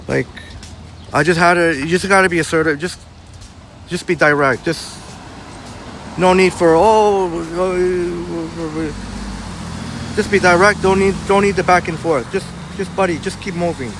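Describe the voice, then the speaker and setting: A man's voice: high-pitched, moderate pace. A blunt, self-described hothead man chatting with viewers while live-streaming a walk on a city sidewalk. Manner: chatty, reads out and answers chat. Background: faint street traffic.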